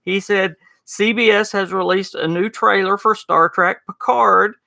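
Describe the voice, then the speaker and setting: Southern male podcast host, folksy and chatty, bright tone, dry close sound. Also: high-pitched, fairly even intonation, measured pace, vocal fry, no echo. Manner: chatty, folksy, frequent "uh" and "y'all". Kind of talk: casual podcast chat reading live chat.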